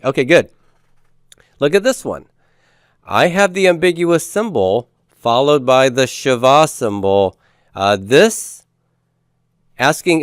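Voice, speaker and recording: A man's voice: on the low side, very animated, a little slow, long pauses, no room sound, clean studio sound. A man reviewing homework as a teacher, patiently asking questions, answering them himself, and drawing out key words. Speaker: Hebrew teacher.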